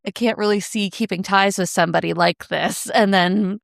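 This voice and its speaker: Wry, gravelly-voiced female podcast host. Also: medium pitch, fairly even intonation, normal speed, no echo, clean studio sound. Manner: wry, amused, laughs often. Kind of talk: casual chat.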